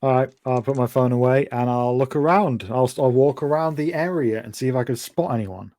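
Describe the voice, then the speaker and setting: A man's voice: mid-range voice, fairly quick, a little mellow, no room sound. A man plays in a tabletop game, asking questions with small hesitations and restarts. His voice is recorded close and dry, with no room sound. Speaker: player.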